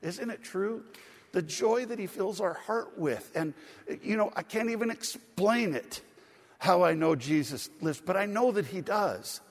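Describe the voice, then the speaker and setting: A man's voice: high voice, animated, a little slow. A middle-aged male pastor with a slightly raised voice delivers a sermon, chatting through personal stories with plenty of "uh"s and false starts. His words ring out with the long reverb of a large church hall. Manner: conversational storytelling with frequent fillers and restarts.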